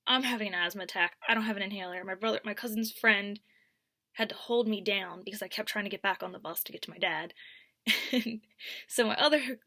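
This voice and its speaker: Young female vlogger, storytime, bright and crisp up close, dynamic with whispered asides. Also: mid-range voice, a little fast, no room sound. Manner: animated, swings from whispers to near-shouts. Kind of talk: storytime vlog.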